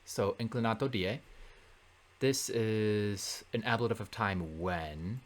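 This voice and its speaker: A man working through a Latin translation in a relaxed lesson, thinking aloud with many fillers and self-corrections. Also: lowish voice, slow pace. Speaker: Latin tutor. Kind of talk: casual translation walkthrough.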